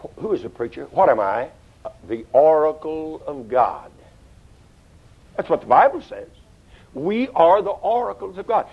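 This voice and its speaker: Older preacher, higher-pitched man, folksy sermon delivery, muffled lo-fi recording. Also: very animated, a little slow, pauses often, slightly rough. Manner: folksy storytelling, swings from loud to hushed. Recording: dull lo-fi sound.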